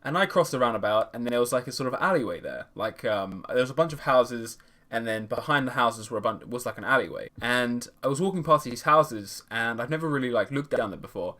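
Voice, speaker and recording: A man's voice: medium pitch, expressive, brisk, a bit bright. A man who tells a personal story in a casual vlog, hesitant and full of self-corrections, with self-deprecating humour. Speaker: vlogger.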